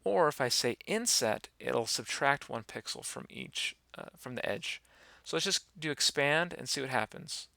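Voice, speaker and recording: A man giving a relaxed, rambling software tutorial, talking through each step with many fillers. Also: mid-range voice, normal speed, creaky, few pauses, no echo. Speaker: animation instructor. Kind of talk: screen-recorded software tutorial.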